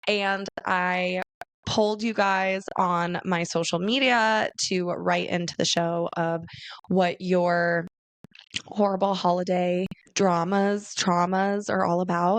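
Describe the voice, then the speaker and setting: Gravelly, bubbly young woman podcast host. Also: mid-range voice, dry recording. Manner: bubbly, chatty and profane, rushing her words. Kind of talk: casual solo podcast chat. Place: her own bedroom. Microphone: handheld microphone.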